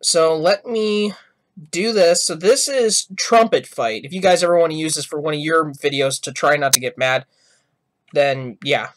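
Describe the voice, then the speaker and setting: A man's voice: on the high side, normal speed, a bit bright. A man hosting a gaming channel, giving rambling, apologetic reaction commentary. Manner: rambling, apologetic, self-correcting.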